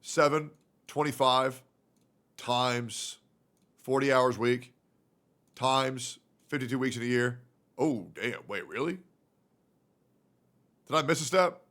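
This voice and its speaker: A man streaming live, reacting loudly and swearing as he talks to his chat and works things out aloud. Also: medium pitch, slow, pauses often. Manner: loud, profane, thinks out loud and talks to chat. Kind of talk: casual livestream reaction.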